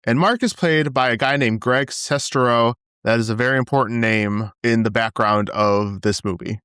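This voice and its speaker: A man co-hosting a podcast in casual chat, animated and quick to laugh. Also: mid-range voice, clear, resonant tone, dry recording, clean studio sound. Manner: animated, chatty, laughs easily. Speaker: podcast co-host.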